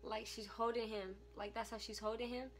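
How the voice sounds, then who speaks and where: A woman's voice: on the high side, flat delivery, a little fast, a little hiss or hum, rough recording. A young woman chatting casually with her best friend, blunt and profane, telling stories with animation. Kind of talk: casual chat.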